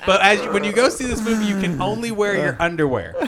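A man riffing in casual comedic banter with friends, animated and joking. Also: high voice, quick pace, a loud crowd. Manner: animated, joking, loud bursts of laughter.

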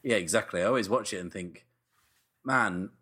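A man with a very low, deep voice, chatting casually about films. He laughs easily and often lets his sentences trail off. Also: fast talker, a bit bright, slightly rough. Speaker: podcast co-host. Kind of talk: casual film chat.

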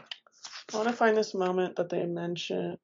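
A woman chatting casually about a book with a friend and reading passages aloud, animated and quick to laugh. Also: lowish voice, creaky, dull audio, background noise. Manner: chatty and animated, laughs often, says "like" a lot.

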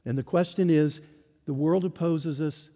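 A male preacher with a high voice delivers a sermon slowly and deliberately. He leans hard on key words, then lets his phrases fall quiet. The sound rings with the long reverb of a church hall. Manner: emphatic, drops to a hush at phrase ends.

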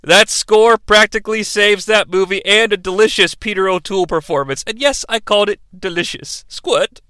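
A man in his forties hosting a comedic bad-movie review show, sarcastic, profane and excitable. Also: sits high, moderate pace, smooth, no echo.

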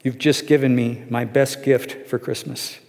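A man voicing an old homeless man who talks too loudly, cooing at a baby. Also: mid-range voice, level tone, unhurried, creaky, big-room sound. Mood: soft, choked. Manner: overly loud, cooing at a baby. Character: scruffy old homeless man, loud then tender.

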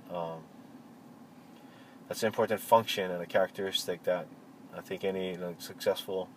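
A man answering interview questions in a relaxed, reflective way, pausing often with fillers and restarts. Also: low voice, low-quality recording. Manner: halting, many fillers and restarts. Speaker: interviewee, cultural practitioner. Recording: faint vehicle noise behind.

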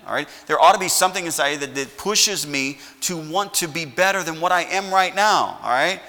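Casting: middle-aged preacher, bright higher voice, folksy, keeps checking in with the congregation, church echo. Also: male voice, brisk, hardly any pauses. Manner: folksy, keeps asking "all righty?". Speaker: pastor. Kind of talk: sermon. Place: church sanctuary.

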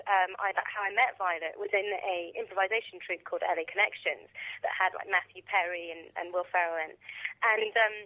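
A British woman, a comedian, chatting casually and quickly as a guest on a phone line. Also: mid-range voice. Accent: British English. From England. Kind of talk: casual interview chat.

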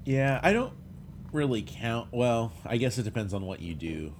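A hoarse man who has just woken up, chatting casually as a podcast co-host and stumbling over his words. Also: medium pitch, big pitch swings, moderate pace, slight background noise. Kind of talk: casual chat.

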